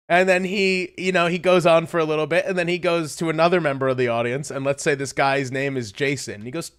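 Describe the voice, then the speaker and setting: Male streamer, a bit high-pitched, animated and sweary, laughs through his own stories. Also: fairly quick, clear, resonant tone. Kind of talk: casual livestream chat.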